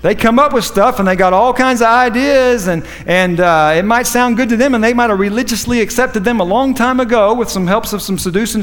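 A man's voice: extremely high pitch, long reverb tail. A man preaching a sermon, fervent and repetitive, with rambling asides to the congregation.

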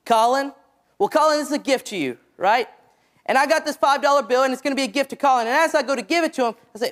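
Preaching an evangelistic sermon, a man speaks quickly in a squeaky, somewhat bright voice with lively intonation. Key phrases get stretched out, then sink low at the ends.

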